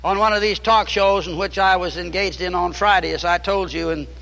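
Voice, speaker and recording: A man's voice: sits high, steady tone, fairly quick, gravelly, pushed and bright, long reverb tail, low-quality recording. A man preaching a fiery sermon, emphatic and repeating key phrases.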